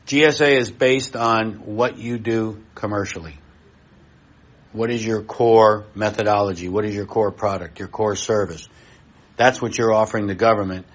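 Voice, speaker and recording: Man, middle-aged, lower voice, blunt and folksy, live expo presenter. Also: fairly even intonation, moderate pace. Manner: blunt and folksy, talks straight to the audience.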